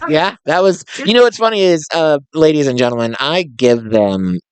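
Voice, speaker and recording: A man hosting a casual movie podcast, talking in a mid-range voice. His voice is smooth and the sound is dry and close. He rambles, restarts and hedges as he goes. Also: on the high side, normal speed, no echo. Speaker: podcast host.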